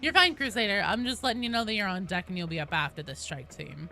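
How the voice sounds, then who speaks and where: Young woman streamer, lower-pitched but bright, animated casual chat. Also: fast talker, creaky, soft background music. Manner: chatty, reads chat aloud and greets viewers with bursts of excitement.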